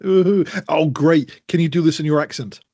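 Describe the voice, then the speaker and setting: A man's voice: on the high side, steady tone, fairly quick, a little mellow, slightly rough, no echo, lo-fi sound. Teasing enthusiastic male podcast co-host. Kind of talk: casual chat.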